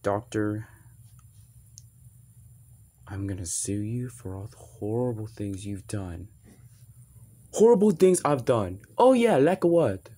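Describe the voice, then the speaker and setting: A young performer voicing a sulky, injured toy boy who grumbles in a low voice during a toy play-acting video. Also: expressive, slow pace, long pauses, mellow.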